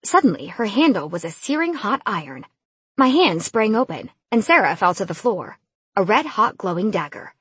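A woman reading a first-person fantasy audiobook in an expressive, lively storytelling manner. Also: mid-range voice, slightly rough, no room sound. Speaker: audiobook narrator.

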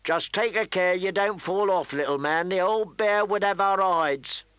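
A man's voice: sits high, a little slow, a bit bright, clean tone, no room sound, pitched above the performer's own voice. A man voicing a surly male guard who mocks a visitor, in a raised, jeering voice.

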